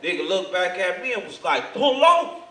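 A man doing stand-up comedy in a large hall, telling his story loudly and with lots of swearing. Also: high-pitched, a little fast. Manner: loud, profane, animated storytelling. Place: large hall in front of a live audience. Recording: echoey hall, voice from far, noisy.

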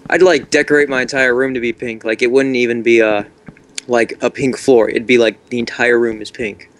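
A man in the middle of a casual gaming session, his voice sitting at an ordinary, middling pitch. He rambles and jokes with his friends in a loose, playful way, with nothing polished about it. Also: little pitch movement, brisk, slight background noise. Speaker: game player.

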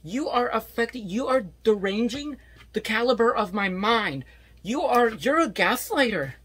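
A woman playing a rambling, defensive parody of a female YouTuber in a comedy sketch, swinging into yelling. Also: on the high side, lively intonation, moderate pace, slightly rough. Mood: combative.

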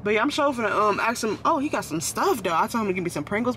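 A man's voice: extremely high pitch, sing-song, rapid-fire, hardly any pauses, pushed and bright, slight background noise. A man vlogging from inside a parked car, rambling and apologizing as he chats. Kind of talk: casual chat.

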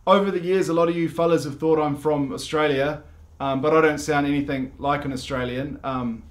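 A man with a New Zealand accent presenting a mock instructional comedy video in a deadpan manner, hesitating often. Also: on the high side, measured pace. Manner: deadpan, hesitant with many ums. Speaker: comedy vlogger, dad.

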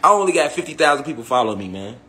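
A man's voice: mid-range voice, big pitch swings, racing, sharp tone. A young man delivering a heated, profane monologue rant to his online followers, repeating himself and firing off tag questions. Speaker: online spiritual commentator.

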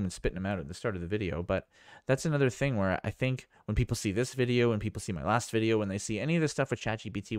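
A man's voice: fairly low pitch, no echo, studio quality. A man vlogging a casual screen demo, rambling and thinking aloud with amazement. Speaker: tech vlogger.

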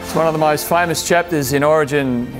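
Sports TV host, music behind. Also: male voice, a little high, brisk. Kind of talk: TV sports panel talk.

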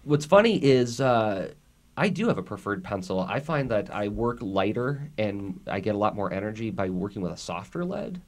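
A man's voice: lowish voice, sing-song, normal speed. A man with a nasal voice hosting a casual chat, chatty and rambling, laughing often. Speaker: podcast host.

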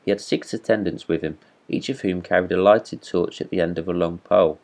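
A man reading a classic fairy tale aloud as a storyteller, in steady read-aloud narration. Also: low-pitched, a little fast, vocal fry.

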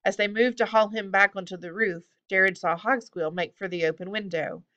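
A woman narrating a storybook aloud with a steady, clear reading. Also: mid-range voice, normal speed, dull audio. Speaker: audiobook reader.

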